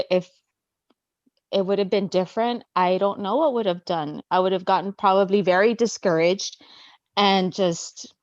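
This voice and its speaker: A woman tells a personal story in an earnest, animated way and acts out the things she said. Her voice sits in the middle range. The audio is dull and lo-fi, with dry video call sound and no room echo. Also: medium pitch. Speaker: guest.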